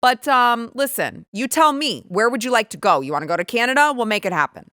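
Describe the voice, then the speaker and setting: A woman hosting a commentary show, talking in a sarcastic, indignant and animated way, and reading an ad. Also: a little high, brisk, no room sound, clean studio sound. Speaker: host. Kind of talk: opinionated commentary and ad read.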